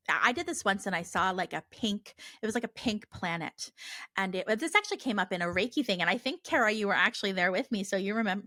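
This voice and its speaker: Podcast host, woman, 30s, lower voice, rambling and earnest, dry close mic. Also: fairly bright tone, dry recording. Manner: rambling, earnest, lots of fillers and restarts. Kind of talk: casual listener Q&A.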